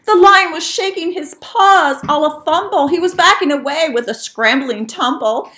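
A woman reading a rhyming storybook aloud in an expressive, playful way. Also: sits high, moderate pace, hardly any pauses.

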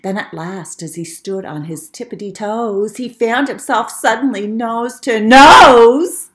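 A woman reading a rhyming storybook aloud in an expressive, playful way. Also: fairly high pitch, measured pace.

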